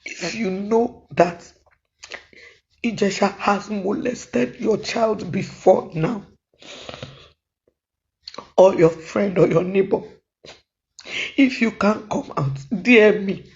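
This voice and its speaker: A Nigerian woman speaks in a tearful, pleading statement, moving between Yoruba and English. Her voice is warm and mellow, at a middling pitch. The recording sounds dull and lo-fi. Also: takes it slowly, pauses often. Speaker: comedian. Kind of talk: emotional video statement. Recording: dull lo-fi audio.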